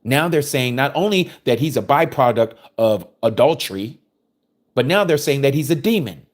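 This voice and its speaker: A man delivers a scripture-study sermon in a preachy, emphatic way. His voice sits in a middle pitch and swings widely up and down as he drives his points home. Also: lively intonation, normal speed. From United States. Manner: emphatic, preachy, reading verses aloud and commenting on them.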